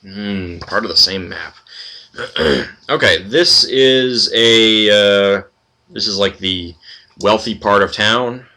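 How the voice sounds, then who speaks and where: A man's voice: lowish voice, takes it slowly, bright, forceful tone. A man hosting a let's play, chatting casually and reading game text aloud with a lot of fillers.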